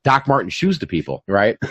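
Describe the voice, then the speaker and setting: A man's voice: mid-range voice, big pitch swings, moderate pace, dry recording, dull audio. A man hosting a casual chat about online reselling, talking in a chatty way with many fillers and repeated words. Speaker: channel host and online reseller. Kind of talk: casual chat on a live stream.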